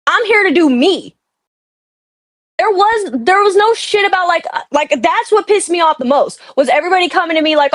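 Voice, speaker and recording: A woman's voice: extremely high pitch, animated, normal speed, a bit bright, no room sound, clean studio sound. A woman ranting angrily on a livestream chat, swearing often and venting about someone. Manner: angry, profane ranting. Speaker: guest.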